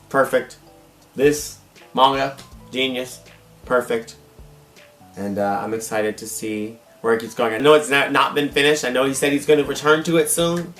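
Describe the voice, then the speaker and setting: A man's voice: medium pitch, pushed and bright. A man hosts a casual manga haul vlog in drag, dramatic and gushing, his voice strained and wearing thin. The room is echoey, and faint guitar music plays behind him. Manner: gushing, dramatic, calls viewers y'all and baby. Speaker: drag queen manga collector, channel host.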